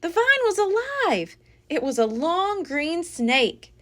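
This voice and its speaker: A woman reading a children's book aloud as a library storyteller, with an expressive, dramatic delivery. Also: very high-pitched, slow pace.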